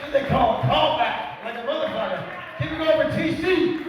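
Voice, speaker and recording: A male host shouts pumped-up hype after a comedian's set. His voice sits high. A loud crowd and heavy noise fill the echoey room, and the voice comes from far off. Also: brisk. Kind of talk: hyping the crowd between acts. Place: comedy bar stage.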